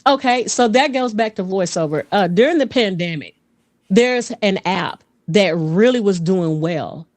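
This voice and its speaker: A woman guest who is a vocal coach and voice actor, telling stories in a lively casual way, often laughing and dropping into voices. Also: mid-range voice, measured pace, no echo. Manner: animated, laughs often, slips into character voices. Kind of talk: casual podcast storytelling.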